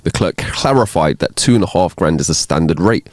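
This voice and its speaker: Lively low-voiced man reading jokes. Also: brisk, no room sound. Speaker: podcast co-host. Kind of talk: casual comedy podcast, reading listener jokes aloud.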